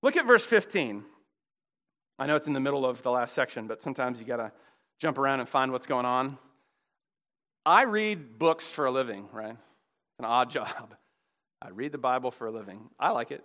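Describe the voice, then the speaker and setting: A male pastor with a medium-pitched voice preaches a sermon in an animated, emphatic way, acting out the voices of the people he quotes.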